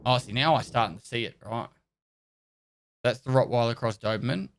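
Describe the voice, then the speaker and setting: A man talking loosely to his stream audience at a middle pitch. He rambles, restarts words and laughs at himself. The sound is close and dry, with no room around it. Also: a little fast, no echo. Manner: rambling, stumbling over words, laughing and swearing. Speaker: livestreamer. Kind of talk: casual chat with chat.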